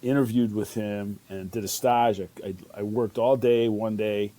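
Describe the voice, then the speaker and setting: A man's voice: fairly low pitch, fairly even intonation, moderate pace, mellow. A man, a chef telling stories in an interview, rambling with fillers and restarts. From Chicago. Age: 50s. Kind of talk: casual interview storytelling.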